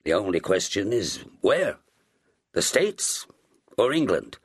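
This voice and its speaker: A man's voice: lowish voice, sing-song, takes it slowly, husky, no echo, clean studio sound, full character voice. A man voicing a firm, earnest middle-aged ship's master speaking as a fatherly uncle.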